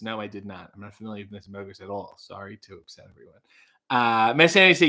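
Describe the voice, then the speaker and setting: A man's voice: on the low side, big pitch swings, fast talker, sharp tone. A man hosting a live stream, casually reading out chat messages and answering with wry, profane asides.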